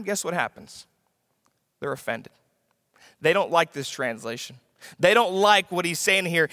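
A man's voice: high voice, bright, forceful tone, studio quality. A man preaching a sermon with emphasis, repeating his key lines for the congregation to write down. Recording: long reverb of a large hall.

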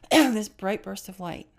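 A middle-aged woman co-hosting a podcast, telling a personal story in an earnest manner that sometimes drops to a hush. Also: medium pitch, lively intonation, takes it slowly, creaky. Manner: earnest, hushed drops into whispers at tense moments. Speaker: podcast co-host.

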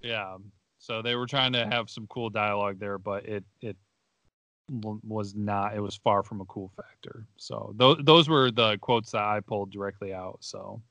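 Bright-voiced young man chatting about a movie. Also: on the low side, steady tone, moderate pace, dry recording. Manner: laid-back, rambling, laughs at the film. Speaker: podcast co-host. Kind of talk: casual movie review chat.

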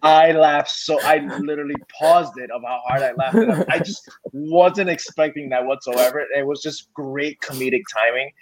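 A man's voice: fairly high pitch, moderate pace, hardly any pauses, crowd noise. A man co-hosting a podcast, animatedly retelling a favorite scene and swearing freely. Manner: animated storytelling, swears freely, acts out quotes. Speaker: podcast co-host. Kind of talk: casual movie chat. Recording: dull lo-fi sound.

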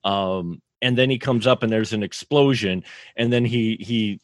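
A man's voice: lowish voice, unhurried, dry recording, clean studio sound. A man co-hosting a casual movie podcast, enthusiastic and rambling. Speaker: podcast co-host. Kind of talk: casual movie review chat.

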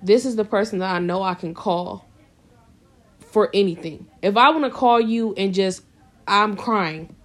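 A woman's voice: medium pitch, moderate pace. A woman co-hosting a podcast, talking earnestly and with emphasis in casual chat. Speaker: podcast co-host.

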